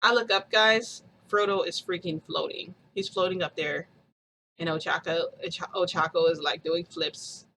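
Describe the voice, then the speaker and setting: A woman vlogger telling a story to her viewers in a chatty, animated way, acting out quoted dialogue. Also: on the low side, moderate pace, slight background noise, low-quality recording.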